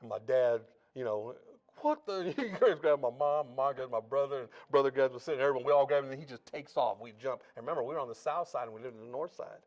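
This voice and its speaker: Man, church testimony, animated storytelling, folksy casual talk, loud and hushed by turns. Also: mid-range voice, quick pace, hardly any pauses, highs cut off. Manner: animated storyteller, acts out scenes with swings between loud and hushed. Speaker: church speaker giving his testimony. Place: church service.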